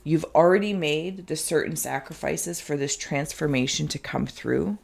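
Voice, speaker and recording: A woman's voice: low voice, normal speed, vocal fry. A woman giving an intuitive card reading, meandering and searching for words, her throat phlegmy. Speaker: tarot card reader.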